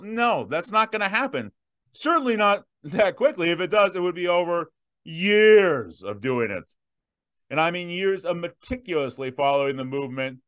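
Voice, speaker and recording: Man, 30s, fairly high voice, Q&A host, emphatic, direct-to-camera, drawn-out stressed words. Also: fairly bright tone. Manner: emphatic, punchy repetitions, slows down to stress points. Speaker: host answering viewer questions.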